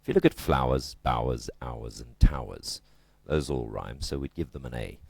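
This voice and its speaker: A man's voice: extremely low pitch, normal speed, creaky, no room sound. A man teaching literature in a casual video lesson, chatty and joking, leaning hard on stressed words.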